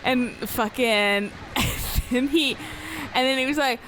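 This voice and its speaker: A woman's voice: sits high, slow, slight background noise. Young woman telling stories with lots of swearing. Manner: swears a lot, laughs often, animated storytelling. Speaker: co-host of a gameplay channel. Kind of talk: casual chat over gameplay.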